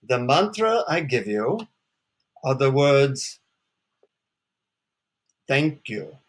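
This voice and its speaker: A man voicing a calm, wise male Indian guru with an Indian accent, speaking slowly and solemnly. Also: medium pitch, full character voice.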